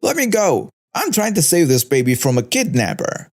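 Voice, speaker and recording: A man's voice: on the high side, sing-song, normal speed, darkish tone, pitched above the performer's own voice. A man voicing a hostile, accusing woman shopper who shrieks her accusations. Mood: shrieking.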